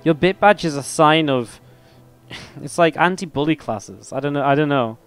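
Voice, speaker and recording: A man's voice: a little high, moderate pace, a bit bright, clear, resonant tone, soft background music. A man casting a video game match solo, chatting with his stream chat in a rambling, laid-back way between play-by-play calls. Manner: rambling, chatty, laughs at own stories. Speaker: esports caster and streamer.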